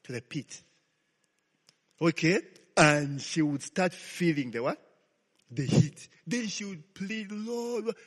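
A man's voice: on the high side, expressive, slow pace, long pauses, fairly bright tone, slightly rough. A man preaching a sermon as a pastor, telling a story and checking in with "okay?" after nearly every line. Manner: call-and-response, frequent "okay?" checks. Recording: long hall reverb.

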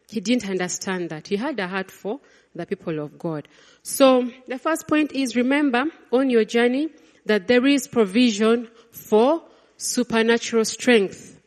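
Animated woman preaching in a reverberant hall. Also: medium pitch. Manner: animated, swings between loud exclamations and hushed quoted lines. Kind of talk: sermon. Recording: long reverb of a large hall.

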